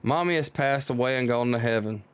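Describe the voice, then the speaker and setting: A man reading the lines of a gentle, grieving father comforting his son in a manga, in his own voice. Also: medium pitch, brisk, clear, resonant tone, voice pushed down, lightly acted. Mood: tender.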